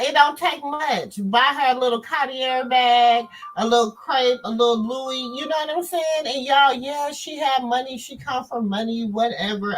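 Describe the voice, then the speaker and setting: A woman speaks in AAVE, commenting casually to her audience. Her delivery is slow and drawling, her voice sits slightly high, and she keeps turning to viewers with asides. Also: low-quality recording.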